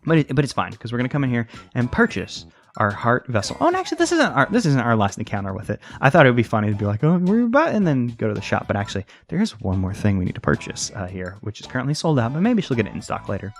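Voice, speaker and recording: A man's voice: mid-range voice, sing-song, fast talker. Young male gameplay commentator, loose and chatty, trips over his own sentences, light music bed underneath. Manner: rambling, jokey, self-correcting. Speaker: let's play commentator.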